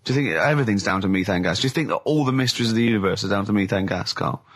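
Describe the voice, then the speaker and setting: A man's voice: fairly low pitch, very fast, fairly bright tone. A man hosting a comic radio show, teasing his co-host with incredulous questions and frequent laughter. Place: radio studio.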